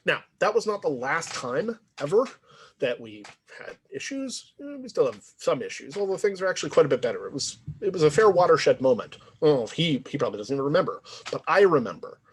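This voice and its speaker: A man's voice: on the high side, very animated, fairly quick, slight background noise. A man lecturing in a conversational, reflective way, often checking in with "right?". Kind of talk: university lecture.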